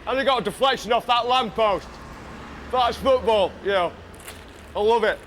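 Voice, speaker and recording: Male comic as a chirpy ex-goalkeeper, very high voice, outdoor traffic faint. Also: normal speed, a bit bright. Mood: cheerful. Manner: chatty, cheerful, excuse-making. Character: cheery retired male goalkeeper, matter-of-fact.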